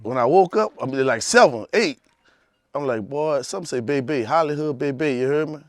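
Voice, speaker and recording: Man, rambling storyteller, somewhat high voice, dry close sound. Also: moderate pace, no echo. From Louisiana. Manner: rambling, repeats "you hear me". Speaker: rapper guest. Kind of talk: casual storytelling interview.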